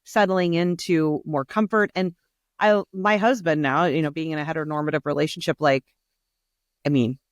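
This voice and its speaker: A woman's voice: deep voice, steady tone, normal speed, dry recording, clean studio sound. A woman hosting a podcast in casual chat, reflective and thinking aloud with plenty of hedging fillers. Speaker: podcast host.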